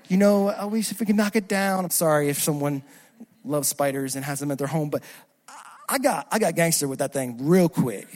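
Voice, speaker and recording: A man preaching a sermon, telling a funny story with lively acted-out voices before turning to exhortation. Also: high-pitched. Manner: animated, acts out scenes, loud bursts of laughter.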